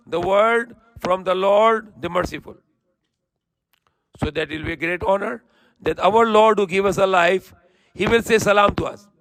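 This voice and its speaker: Male religious teacher, quick recitation with a high, bright voice; dry, close recording. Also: gravelly, no room sound. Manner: recites verses quickly, then explains in slow plain English. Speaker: Islamic teacher. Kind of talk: Quran lesson with recitation and translation.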